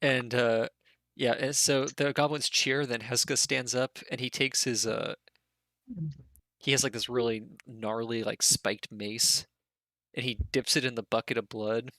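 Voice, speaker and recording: A man's voice: medium pitch, fairly even intonation, measured pace, pushed and bright, no room sound. A man running a tabletop game as game master, narrating in a loose, rambling way full of filler words.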